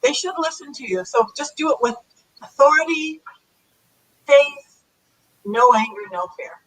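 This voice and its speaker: A woman being interviewed as a psychic medium, chatting in a lively, animated way over a video call. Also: high-pitched, a little slow, rough recording. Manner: chatty, animated, acts out commands to spirits. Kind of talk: casual interview chat.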